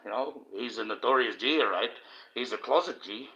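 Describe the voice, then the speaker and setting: This is a man from Australia ranting through a livestream in a coarse, repetitive way, swearing constantly. His voice is bright and forceful. The audio is dull and lo-fi. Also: mid-range voice, normal speed. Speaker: livestream host. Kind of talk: profane rambling monologue.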